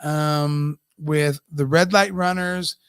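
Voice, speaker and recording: A man co-hosting a live podcast, ranting in an emotional and profane way. His voice sits fairly high and he takes his time, with a dry, close sound. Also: fairly even intonation, slow, a bit bright, smooth, no room sound. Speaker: podcast co-host. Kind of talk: casual live podcast chat.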